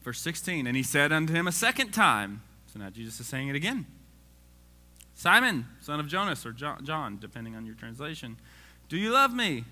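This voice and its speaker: A man preaches in a loose, conversational way. His voice is very bright and forceful, and it swings widely in pitch. He reads scripture aloud and throws in jokes for the congregation. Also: sing-song, moderate pace. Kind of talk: casual sermon.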